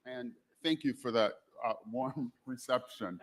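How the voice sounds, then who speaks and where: A man at a lectern starts his keynote with warm thanks and formal acknowledgments. His mid-range voice stays steady and measured. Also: mid-range voice. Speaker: keynote speaker. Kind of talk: formal speech remarks.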